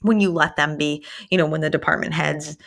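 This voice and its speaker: A woman's voice: low voice, steady tone, a little fast, creaky, a bit bright. A woman who is a police officer hosts a podcast in a casual, rambling monologue, swearing freely and talking tired late at night. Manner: rambling, profane, emphatic, many fillers.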